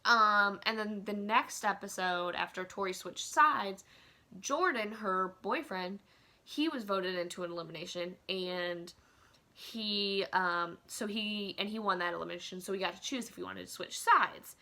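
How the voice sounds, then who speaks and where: A woman's voice: medium pitch, a little slow, pushed and bright. A woman ranting casually in a vlog, chatty and opinionated, filling her talk with "like" and "um," recorded on a phone. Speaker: vlogger. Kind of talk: casual rant.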